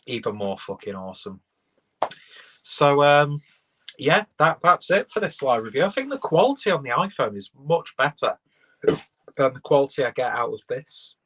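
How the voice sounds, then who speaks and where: A man's voice: medium pitch, a bit bright. Sweary man reviewing beer. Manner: rambling, sweary, talks while chewing. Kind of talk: casual live-stream review. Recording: dull lo-fi stream audio.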